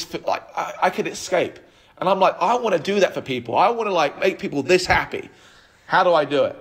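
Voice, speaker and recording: A man in his thirties, a podcast guest telling his life story in an animated way, with frequent restarts. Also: fairly high pitch, a little fast, breathy edge. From United Kingdom. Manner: animated, acts out quoted dialogue, frequent restarts. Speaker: podcast guest, app co-founder.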